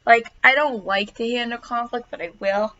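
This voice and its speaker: A woman's voice: fairly high pitch, moderate pace, pushed and bright. Earnest young woman, bit muffled. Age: young adult. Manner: earnest, repeats words for emphasis. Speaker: college student. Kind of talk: self-recorded class introduction.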